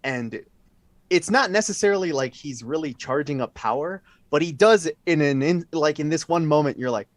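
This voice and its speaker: A man runs an improvised tabletop game as dungeon master, and his lively voice swings up and down as he describes the scene. He has a somewhat high pitch and laughs often between lines. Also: normal speed, dry recording.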